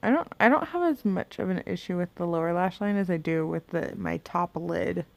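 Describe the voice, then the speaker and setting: Brisk and lowish with vocal fry, a woman narrates a makeup tutorial from her home bedroom, chatting and talking to herself as she works. She hums and mutters here and there, and the recording is dry.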